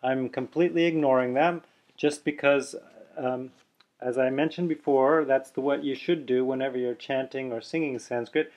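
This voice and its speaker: A man teaching pronunciation, who explains slowly and then chants the examples with careful, deliberate delivery. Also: medium pitch, steady tone, a little mellow. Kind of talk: pronunciation lesson with slow chanting.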